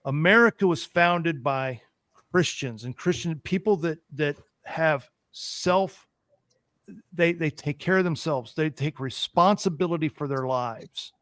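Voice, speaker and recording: A man's voice: a little high, unhurried, a bit bright, no echo, studio quality. A man hosting a talk show, ranting emphatically about politics and repeating his points as he gets worked up.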